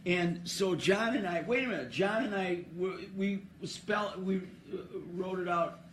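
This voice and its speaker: A man with a slightly high voice tells a loose, rambling story into a microphone at an awards ceremony for a trivia contest. He keeps laughing and restarting his sentences. A faint hum of the hall stays in the background. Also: a little slow.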